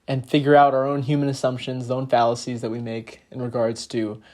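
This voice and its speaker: A man's voice: medium pitch, little pitch movement, a little fast, a little mellow. A young man hosting a casual podcast, speaking with a slight lisp and explaining ideas earnestly with frequent fillers. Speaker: podcast host.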